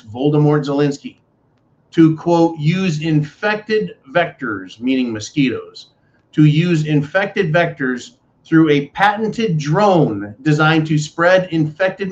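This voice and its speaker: American guy ranting on his commentary show, sarcastic and worked up, kinda high voice, muffled lo-fi audio. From United States. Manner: indignant, sarcastic, keeps calling listeners folks. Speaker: political commentary host. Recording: dull lo-fi audio.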